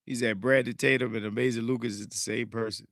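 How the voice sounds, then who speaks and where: A man hosting a podcast in a casual, profane, animated way, greeting live chat viewers, sounding slightly congested. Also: medium pitch, quick pace, no room sound, studio quality. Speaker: podcast host.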